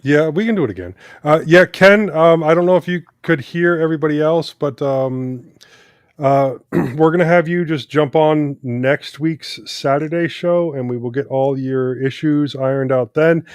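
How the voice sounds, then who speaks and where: A man's voice: a little high, normal speed, clean tone, dry recording. A man hosting a casual podcast chat who cracks teasing jokes and talks loosely, with lots of fillers. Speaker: podcast host.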